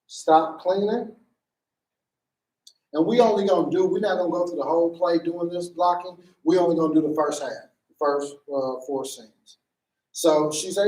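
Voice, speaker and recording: A man directing a stage play rehearsal, giving blocking notes and acting out lines in an animated way. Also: unhurried, pauses often, recorded from a distance. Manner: animated, acts out lines in a higher voice. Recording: echoey room, voice away from the mic.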